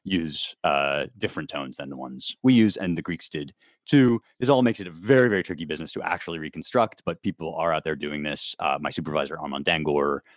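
An American man in his thirties, a guest author, speaks with an extremely low pitch at a brisk pace. The studio-quality recording has no room sound. He explains things in a casual interview, full of fillers and restarts.

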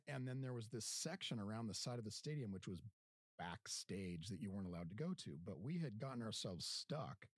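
Lively man telling stories on a podcast. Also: lowish voice, fairly quick, husky, dry recording, studio quality. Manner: animated storyteller, acts out quotes. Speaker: podcast host. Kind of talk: casual storytelling chat.

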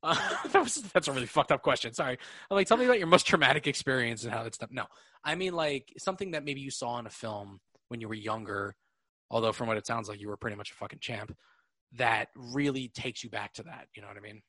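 Bright, husky-edged young man chatting. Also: mid-range voice, brisk, no room sound. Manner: rambling, laughs often, swears casually. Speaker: podcast host. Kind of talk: casual podcast chat.

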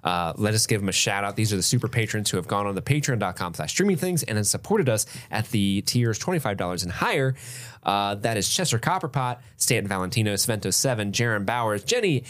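A man's voice: fairly low pitch, sing-song, a little fast, a bit bright. A man co-hosting a podcast in casual chat, reading a list of names and laughing often. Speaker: podcast co-host.

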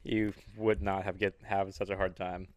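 A man's voice: low-pitched, little pitch movement, moderate pace, dry recording. A young man co-hosting a podcast, reacting in a laid-back, casual way. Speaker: podcast co-host. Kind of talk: casual chat.

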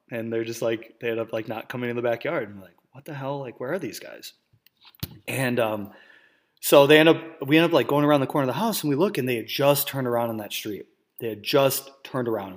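A man's voice: medium pitch, a bit bright. Rambling laughing man telling a story. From Wisconsin. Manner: rambling, full of fillers, laughs and swearing. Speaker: podcast host and coach. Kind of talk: casual storytelling.

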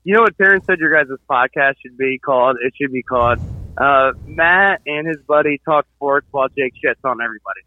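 A man's voice: medium pitch, fairly quick, phone-quality sound. A man joining a podcast as a playful caller, joking with the hosts. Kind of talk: casual banter.

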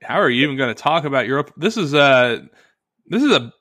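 A man's voice: medium pitch, very animated, a little fast, bright, forceful tone, no room sound, studio quality. A man co-hosting a podcast, chatting in an easygoing, curious and playful way. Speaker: podcast co-host. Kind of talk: casual podcast chat.

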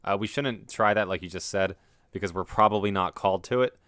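A man chatting loosely on a casual faith podcast, quick to laugh at his own slips. His voice sits very low and sounds smooth and resonant. The recording is close and dry. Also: a bit bright, dry recording. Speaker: podcast co-host.

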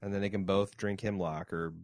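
A man co-hosting a podcast in easy casual chat, cracking jokes and reading out listener notes. His voice sits a little low. The sound is close and dry. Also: steady tone, a little fast, dry recording. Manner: jokey, reads listener mail aloud. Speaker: podcast co-host.

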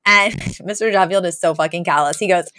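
A woman's voice: on the low side, fairly quick, bright, forceful tone, no echo, clean studio sound. A young woman co-hosting a podcast in casual chat, retelling scenes with lots of laughs and fillers. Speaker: podcast co-host.

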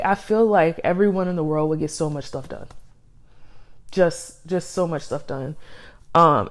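Low-voiced young woman rambling on her podcast mic, kinda out of breath, lots of ums. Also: darkish tone. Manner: rambling, filler-heavy, laughs often. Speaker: podcast host. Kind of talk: casual solo podcast talk. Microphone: studio microphone.

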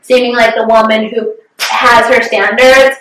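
A woman's voice: on the high side, level tone, measured pace, fairly bright tone, a little hiss or hum. Candid young woman, roomy and distant. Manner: candid, swears freely, emotional storytelling. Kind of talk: casual chat.

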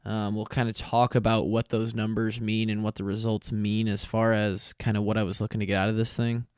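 A young man hosting his own podcast in casual chat, tired and lightheaded from fasting, rambling and correcting himself with lots of fillers. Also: fairly low pitch, flat delivery, clear, resonant tone, no echo, clean studio sound. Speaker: podcast host. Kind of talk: casual solo podcast talk.

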